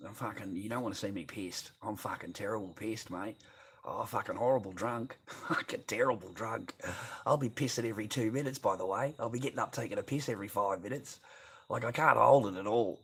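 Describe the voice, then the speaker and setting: A man's voice: fairly low pitch, fairly bright tone, breathy edge. An Australian man chatting casually on a live stream, rambling, swearing and answering chat messages.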